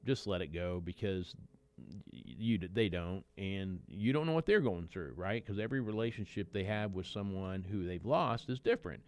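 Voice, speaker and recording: A man's voice: on the low side, clean tone, no echo. A middle-aged man hosting a radio show, talking in a conversational, reflective way with frequent restarts. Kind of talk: casual radio talk.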